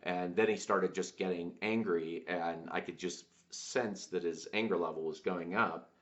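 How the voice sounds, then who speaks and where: A man, a podcast host, telling a personal story in a reflective way, halting with many fillers and restarts. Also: low voice, fairly even intonation, fairly bright tone. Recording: dull lo-fi sound.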